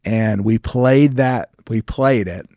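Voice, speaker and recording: A man, a ministry founder and guest, sharing stories in an earnest, animated way, often restarting his sentences. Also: fairly low pitch, takes it slowly, dry recording, studio quality. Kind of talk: conversational storytelling interview.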